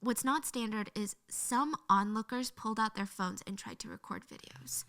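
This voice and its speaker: A woman's voice: mid-range voice, normal speed, vocal fry, sharp tone. A woman narrating a true crime story in an earnest, emotional way, played from her original video.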